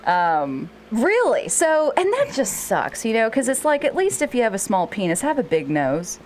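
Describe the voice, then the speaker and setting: A woman comedian chatting as a podcast guest, her voice bouncing up and down with lively pitch. She rambles and jokes freely and laughs often. A faint hum of room ambience sits behind her. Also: moderate pace. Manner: rambling, jokey, laughs a lot. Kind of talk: casual podcast banter.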